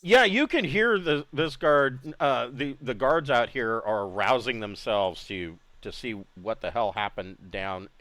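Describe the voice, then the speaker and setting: A man running a tabletop game as game master, narrating casually and often pausing to correct himself. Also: medium pitch, animated, fairly bright tone, no room sound. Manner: halting, self-correcting, casual.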